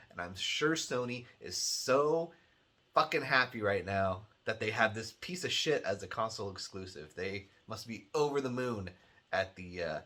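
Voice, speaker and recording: Swearing freely and laughing often, a man hosts a weekly show about video game releases, rambling casually in a sardonic tone. His voice is fairly low, bright and forceful.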